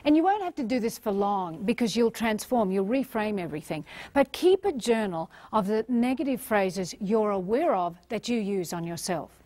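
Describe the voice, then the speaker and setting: Animated Australian woman lecturing. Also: medium pitch, normal speed, hardly any pauses, no room sound. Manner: animated, acts out quoted voices. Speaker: leadership trainer. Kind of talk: recorded training lecture.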